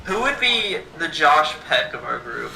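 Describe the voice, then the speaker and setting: A young man in casual chat with friends, rambling and animated. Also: a little high, measured pace, vocal fry, slight background noise. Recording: roomy and distant.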